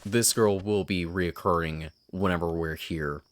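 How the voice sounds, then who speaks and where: A man giving casual, low-key commentary while playing through a game, with musing asides. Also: fairly even intonation, a little slow, no echo. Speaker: gaming video host. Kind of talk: casual let's-play commentary. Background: game music.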